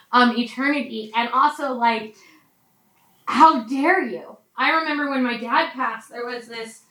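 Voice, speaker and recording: Woman, sermon, bright voice, slightly high, echoey room, mic at a distance. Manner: conversational, frequent "right?" asides. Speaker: preacher.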